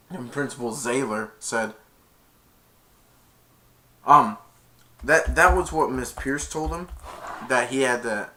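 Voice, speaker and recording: A man retells a movie scene by scene in a loose, excited ramble, stumbling over restarts and chuckling along the way. His voice has a bright, forward edge. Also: medium pitch, a little hiss or hum. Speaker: movie reviewer. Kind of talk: casual movie recap.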